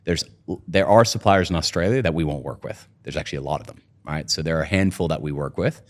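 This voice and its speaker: A man's voice: extremely low pitch, quick pace. A man, a company co-founder, talking through a casual podcast interview with lots of "you know" and "right?". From United States.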